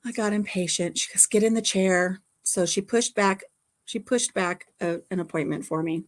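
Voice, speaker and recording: A woman's voice: fairly low pitch, normal speed. A middle-aged American woman chatting casually with her viewers, telling a long rambling story and repeating her phrases. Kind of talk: casual chat.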